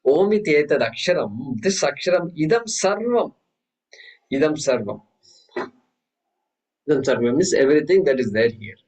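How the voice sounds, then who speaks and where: A man teaching a scripture class, telling stories with many restarts and reciting Sanskrit verses slowly. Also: fairly high pitch, lively intonation, darkish tone, rough recording. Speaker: Vedanta teacher. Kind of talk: spiritual class lecture.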